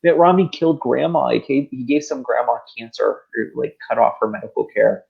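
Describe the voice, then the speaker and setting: A man's voice: mid-range voice, brisk, gravelly, slightly rough, lo-fi sound. A man co-hosting a podcast, ranting about politics in a heated, sarcastic, repetitive way. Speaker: podcast co-host. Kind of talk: political rant.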